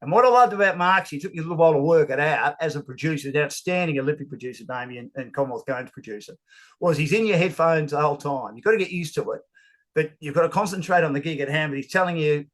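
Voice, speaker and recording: A middle-aged Australian sports broadcaster, telling rambling, animated anecdotes in a casual interview. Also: male voice, a little high, fast, poor audio.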